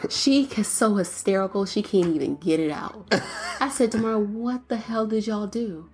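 A woman recounts a household mishap in a chatty, animated way, often laughing. Her pitch sits at a middle level. Faint music plays behind her. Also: normal speed. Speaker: co-host, mother. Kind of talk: casual storytelling chat.

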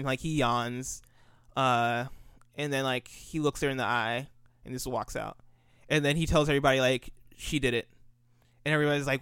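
A man's voice: medium pitch, fairly bright tone, clean tone, no echo, studio quality. A young man co-hosting a casual gaming podcast, rambling and restarting his sentences as he recaps what he's been up to. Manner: rambling, restarts often, laughs easily. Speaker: co-host.

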